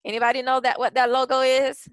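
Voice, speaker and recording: A woman's voice: sits high, level tone, fast talker, clear, resonant tone, dry recording, poor audio. A woman presenting a branding workshop in a chatty, casual way, with frequent restarts and fillers. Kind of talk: casual webinar teaching.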